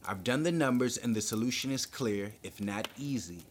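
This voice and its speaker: A man reading aloud, voicing a female professor who calmly declaims to a crowd. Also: medium pitch, normal speed, a little hiss or hum, natural voice. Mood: grave. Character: cold female professor giving a speech.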